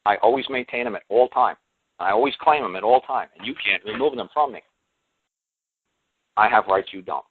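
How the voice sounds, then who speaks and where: A man with a husky, slightly breathy voice talks in a folksy, emphatic way, often slipping into the voices of the people he quotes. His voice comes through a thin, phone-like line. The sound is dry, with no room around it. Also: medium pitch, fast, dry recording. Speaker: talk show guest. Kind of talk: radio talk show monologue.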